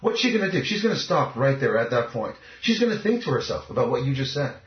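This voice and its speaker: A man's voice: mid-range voice, very animated, fast. A man talking as a dating coach in an interview, cocky and emphatic. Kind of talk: casual interview talk. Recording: echoey, muffled lo-fi recording.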